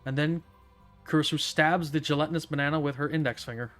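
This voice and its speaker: A man's voice: a little high, steady tone, fast talker, a bit bright, soft background music. A man streaming a dramatic visual novel read-aloud, narrating in a theatrical, smug first-person voice.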